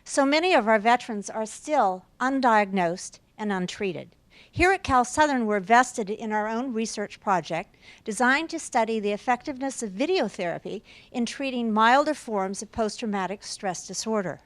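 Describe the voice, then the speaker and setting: Higher-voiced woman introducing a guest speaker. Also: lively intonation, normal speed, dry recording. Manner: reads aloud, with occasional restarts. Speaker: university event host introducing a speaker. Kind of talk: prepared introduction speech. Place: university lecture room.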